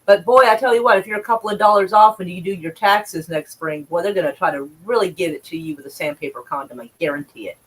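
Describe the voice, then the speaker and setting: A woman's voice: fairly low pitch, fast talker, few pauses, slight background noise, poor audio. A woman livestreaming, reading news aloud and reacting with sarcastic, profane commentary and exasperated sighs.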